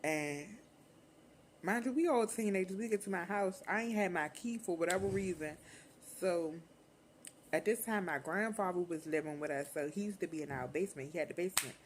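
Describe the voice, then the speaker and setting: A woman's voice: fairly low pitch, fairly quick, slight background noise. Slangy young woman telling a story. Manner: animated, slangy and profane. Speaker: vlogger. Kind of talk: casual storytime.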